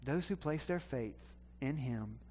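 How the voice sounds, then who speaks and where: A man from the American South preaching a sermon, telling a story with animated swings between loud and hushed delivery. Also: mid-range voice, unhurried, slight background noise. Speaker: pastor. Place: church sanctuary. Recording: long hall reverb.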